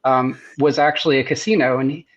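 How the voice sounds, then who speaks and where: A man's voice: mid-range voice, fairly even intonation, fairly quick. An American man, a guest artist and surgeon, telling stories in a rambling way with many restarts on a video-call podcast. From United States. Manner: rambling, restarts often, laughs at his own stories. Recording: muffled lo-fi sound.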